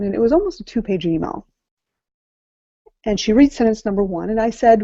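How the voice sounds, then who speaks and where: A woman's voice: mid-range voice, lively intonation, fairly quick, dark tone, no echo. A woman life coach giving an earnest motivational talk from slides, repeating key phrases for emphasis, in a slightly muffled recording. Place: event venue before an audience.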